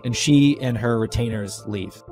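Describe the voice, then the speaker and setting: A man's voice: mid-range voice, a little slow, darkish tone, soft background music. A man narrating a tabletop game as game master, telling the story casually with plenty of fillers.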